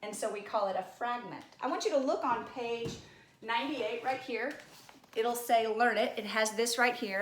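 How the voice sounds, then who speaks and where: A woman's voice: on the high side, a bit bright, roomy sound. A woman teacher giving a recorded grammar lesson, coaxing and addressing her class directly.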